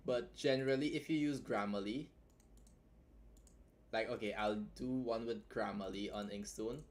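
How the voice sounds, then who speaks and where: A tired young man who's stayed up long streams a casual writing tutorial on editing, chatty and loose, often ending points with "right?". His voice is on the low side, fairly even in intonation, at normal speed.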